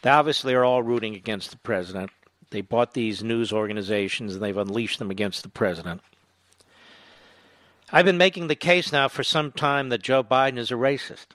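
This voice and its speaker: A man's voice: medium pitch, brisk, no echo. Indignant male political talk host. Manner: indignant, emphatic, rising to loud outrage. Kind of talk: combative political commentary monologue.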